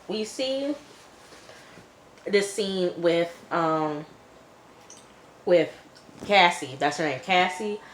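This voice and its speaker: A woman's voice: low voice, slight background noise. A woman casually retelling a TV episode, chatty and loose, full of filler phrases. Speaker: TV episode reviewer. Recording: echoey room.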